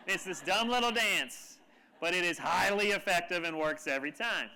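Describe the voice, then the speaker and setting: A man giving a humorous, animated storytelling talk to a live audience in a lecture room. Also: high voice, a little fast, clear, resonant tone. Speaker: keynote speaker.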